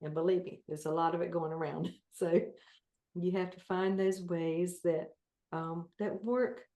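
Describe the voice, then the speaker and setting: Southern woman guest, lower-pitched, upbeat encourager, quick to laugh. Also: fairly even intonation, dark tone, reverberant. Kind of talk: casual interview chat.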